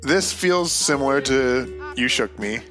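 Man, podcast co-host, mid-pitched, easygoing, hesitant, music clearly underneath. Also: animated, measured pace. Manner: easygoing, hesitant with many fillers. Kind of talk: casual chat.

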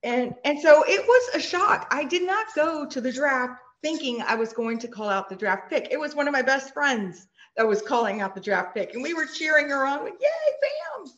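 Animated Texan woman on a muffled line. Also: normal speed, hardly any pauses. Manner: animated, acts out quoted voices high and bright. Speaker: guest, team superfan. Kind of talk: casual interview storytelling.

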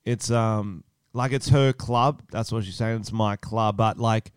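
A man's voice: fairly low pitch, measured pace, clear, resonant tone, no room sound. A young man co-hosting a comedy podcast, sarcastic and swearing as he reads out news stories. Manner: sarcastic, swearing, laughs often. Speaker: podcast co-host. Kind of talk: casual comedy podcast chat.

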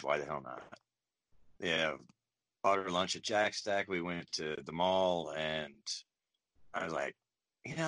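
Brief: deep-voiced male guest, forties, bright forceful tone, dry close sound, wry humor. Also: no room sound. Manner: chatty, wry, self-deprecating. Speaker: comedian guest. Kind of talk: casual interview chat.

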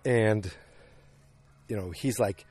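Low-voiced man rambling through a recap. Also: slow, darkish tone, slightly rough, soft background music. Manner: rambling, with many fillers and restarts. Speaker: show recapper. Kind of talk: casual episode recap. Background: dogs barking.

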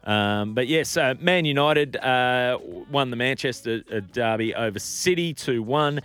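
A man co-hosting a radio show, running through sports results in a relaxed, rambling manner. His voice sits at an ordinary pitch and sounds close and dry, with no room around it. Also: unhurried, clean tone, no echo. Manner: easygoing, rambling, chuckles often. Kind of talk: casual sports chat on air.

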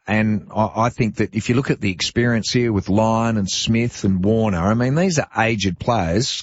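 Australian male sports radio host, husky, opinionated, chatty, slightly muffled studio audio. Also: fairly low pitch. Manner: opinionated, conversational with fillers. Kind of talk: talkback radio chat.

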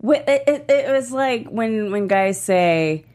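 A woman chatting casually as a podcast co-host, opinionated and animated, acting out quotes with laughs. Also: on the high side, slow pace. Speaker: podcast co-host discussing a TV show. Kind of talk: casual chat.

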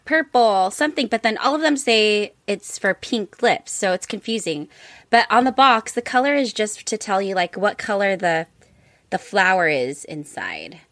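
Slow, lively-toned woman chatting. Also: mid-range voice, no room sound. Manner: unhurried storytelling, laughs often, trails off with fillers. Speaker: podcast co-host. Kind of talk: casual chat.

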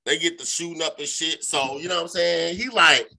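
A man co-hosting a podcast, telling a long, profane story in a loose, animated way, full of filler phrases. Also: fairly high pitch, a little fast, vocal fry. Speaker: podcast co-host. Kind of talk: casual storytelling.

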